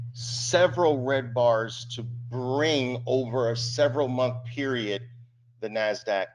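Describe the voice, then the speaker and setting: At a trading seminar, a man with a mid-range voice presents on the markets, stressing his points and throwing rhetorical questions at the crowd. The recording sounds muffled.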